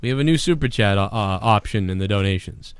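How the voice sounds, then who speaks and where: A man hosting a casual livestream show, rambling and swearing a lot, with a hoarse voice. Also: fairly low pitch, fast, no room sound, studio quality. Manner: profane, rambling and animated. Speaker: show host.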